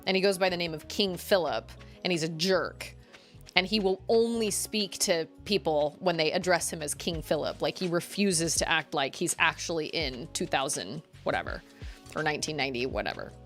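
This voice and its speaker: A woman's voice: low-pitched, moderate pace, a bit bright, faint music behind. A woman in her thirties streaming a game, chatting casually, giggly and rambling. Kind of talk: casual chat while gaming.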